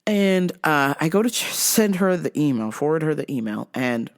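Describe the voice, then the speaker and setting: A woman's voice: sits low, expressive, moderate pace. A woman hosting a podcast, telling a comic story in a profane, exasperated way and laughing at herself. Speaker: podcast host. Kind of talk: comedic storytelling.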